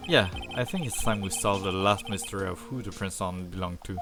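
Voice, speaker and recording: A man's voice: low voice, fairly quick, few pauses, over music. A man casually reading a visual novel aloud as a streamer, with offhand comments and swearing. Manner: casual, swears, laughs at the game.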